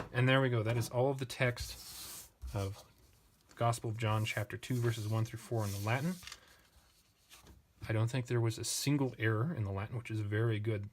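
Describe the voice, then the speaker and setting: A man hosting a lesson, walking patiently and methodically through a text and thinking aloud with small pauses and restarts. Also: on the low side. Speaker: language teacher; channel host. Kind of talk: screen-share lesson comparing texts.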